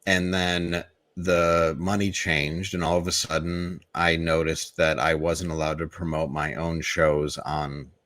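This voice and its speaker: Blunt low-voiced man telling a grievance. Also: level tone, measured pace, few pauses, fairly bright tone, no echo. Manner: blunt, profane, rambling with restarts. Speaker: comedian guest. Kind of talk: candid podcast storytelling.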